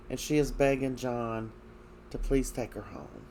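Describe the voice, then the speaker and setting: A man giving a casual recap of soap opera episodes, hesitant, with many fillers and frequent throat clearing. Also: mid-range voice, measured pace, a little mellow, a little hiss or hum.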